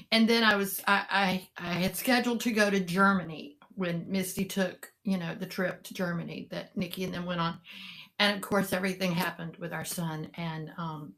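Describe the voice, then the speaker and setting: A woman's voice: medium pitch, fairly bright tone. A middle-aged woman, chatting casually and rambling to live viewers, greeting them by name. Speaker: live-sale seller and vlogger.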